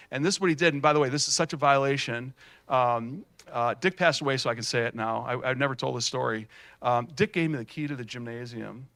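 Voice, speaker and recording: A middle-aged man giving a folksy, animated keynote at a student showcase, telling stories with many fillers and restarts. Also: medium pitch, fast talker, no room sound. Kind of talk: storytelling keynote speech.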